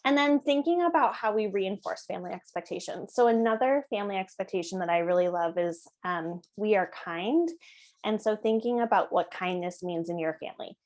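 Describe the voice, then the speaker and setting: A woman's voice: mid-range voice, brisk, few pauses, darkish tone. Conversational woman teaching parents. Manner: conversational, often asks "right?", acts out parent and child voices. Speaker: parenting educator. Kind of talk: presentation to parents.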